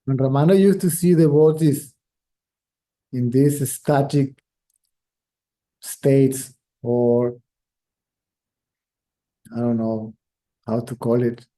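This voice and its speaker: A middle-aged man whose first language is Spanish, giving a reflective spiritual talk as a teacher. He speaks slowly and carefully, repeating phrases as he searches for words. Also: mid-range voice, steady tone, warm tone.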